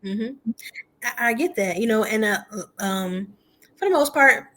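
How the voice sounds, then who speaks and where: A woman's voice: a little high, animated, measured pace, a bit bright. Chatty woman co-hosting a dating talk. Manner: candid, chatty, frequent fillers and laughs. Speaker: podcast co-host. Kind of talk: casual chat.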